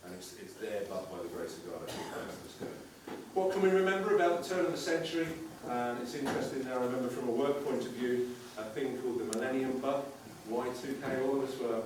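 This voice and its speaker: A man's voice: mid-range voice, a little mellow. A man giving an after-dinner speech, mixing jokes with reflective passages. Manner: joke-telling, then reflective with quoted verse. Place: dinner hall at a live event. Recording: very echoey hall, distant, noisy.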